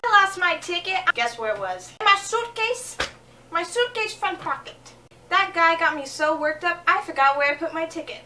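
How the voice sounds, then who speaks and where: A young woman with a high, bright voice tells comic travel stories to her camera. She acts out little scenes. She sounds a bit jet-lagged. The mic is set back a little, with faint room sound behind her. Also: normal speed, recorded from a distance, a little hiss or hum. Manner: animated, acting out scenes with quoted voices. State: jet-lagged, low energy. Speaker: vlogger. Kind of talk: comedic storytelling vlog.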